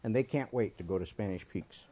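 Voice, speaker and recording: A man in his sixties preaching a sermon, telling folksy stories and swinging between emphatic points and soft asides. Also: fairly low pitch, a little fast, slightly rough. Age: 60s. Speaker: pastor.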